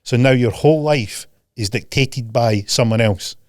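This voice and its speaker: A male podcast host chats casually, ranting bluntly and profanely and mocking people with put-on voices. He speaks at a medium pitch and a little slowly, recorded cleanly in a studio with no echo.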